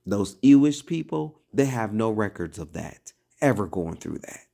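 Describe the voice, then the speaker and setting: Slow gravelly guy doing preachy commentary, asks lots of questions, drags his words out. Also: fairly low pitch, sing-song, warm tone. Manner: slow, emphatic, rhetorical questions. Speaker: online religious commentator.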